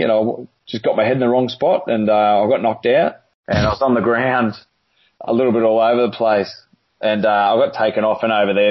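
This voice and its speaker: An Australian man, a former rugby league player, telling stories in a relaxed, rambling interview with plenty of fillers. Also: fairly low pitch. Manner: laid-back, rambling with many "uh" fillers. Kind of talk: casual storytelling interview. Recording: dull lo-fi audio.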